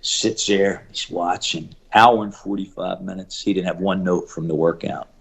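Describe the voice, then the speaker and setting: A middle-aged man, a shooting coach, telling stories in an animated interview and acting out the people he quotes. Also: low voice, vocal fry. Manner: acts out quoted voices, fast bursts and emphatic repeats.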